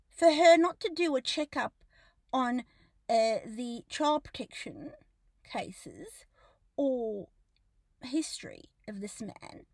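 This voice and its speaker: A woman's voice: high voice, fairly bright tone, no room sound. A woman delivering an impassioned video monologue as an activist, speaking in an indignant, emphatic and accusing way. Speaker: activist commentator.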